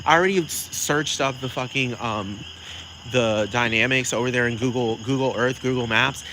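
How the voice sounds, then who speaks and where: A man delivering a sassy, profane comedic rant, rambling fast with plenty of attitude. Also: medium pitch, background noise.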